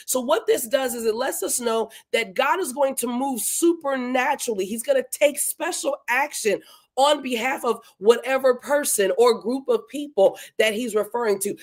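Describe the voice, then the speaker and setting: An enthusiastic woman teaching a verse-by-verse Bible study live, talking conversationally and slowing down to read scripture with emphasis. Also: fairly high pitch.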